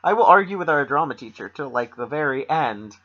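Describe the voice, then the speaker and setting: Young Canadian man with an Ontario accent, animated podcast co-host, a little high, dull home recording. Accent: Canadian English, Ontario. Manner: rambling, animated, quick to laugh. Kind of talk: casual chat.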